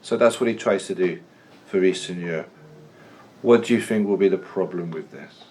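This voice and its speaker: Chatty history teacher, low voice. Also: male voice, normal speed, darkish tone, a little hiss or hum. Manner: chatty, jokey, with frequent restarts. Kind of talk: classroom lecture.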